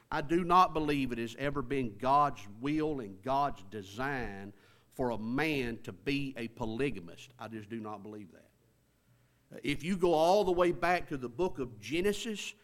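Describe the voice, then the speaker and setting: A man preaching a sermon in a folksy, conversational way, stretching words for emphasis. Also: fairly high pitch.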